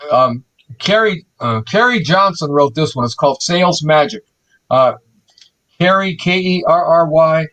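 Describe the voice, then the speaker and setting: Animated man presenting a live talk. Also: fairly high pitch, highs cut off. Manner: energetic, animated storytelling with acted-out quotes.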